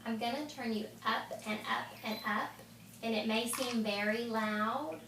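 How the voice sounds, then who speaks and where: A woman audiologist with a fairly high voice talks calmly and reassuringly, one step at a time. The recording is roomy and distant, caught by a camera across a clinic room with clear background noise. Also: unhurried. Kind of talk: clinical instructions.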